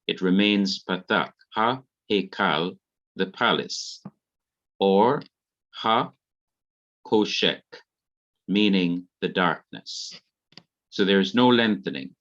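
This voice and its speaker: A Jamaican man teaches a class, walking slowly and deliberately through each grammar rule. His voice sits fairly low and comes through muffled, dull online audio. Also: animated, a bit bright. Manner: slow, careful explanation of grammar rules. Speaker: Hebrew teacher. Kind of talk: online revision lecture.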